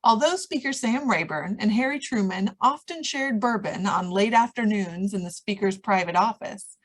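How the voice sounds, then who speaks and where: A woman moderating an online trivia quiz over a video call, brisk and upbeat as she reads out the questions. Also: mid-range voice, lively intonation.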